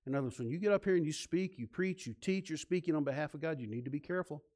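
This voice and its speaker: A man preaching a sermon with a voice a touch higher than most men's. He swings from loud emphatic lines to soft, hushed ones and leads the congregation in call-and-response. Now and then he slips in a self-deprecating aside. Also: very fast. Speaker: pastor.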